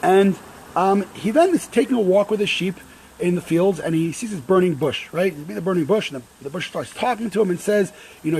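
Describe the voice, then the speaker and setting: A man with a high voice gives a relaxed Torah talk while standing outdoors by a grill. He speaks conversationally, often restarting and adding asides, with faint outdoor ambience behind him. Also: a little fast, gravelly, a little hiss or hum, poor audio. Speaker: Torah teacher.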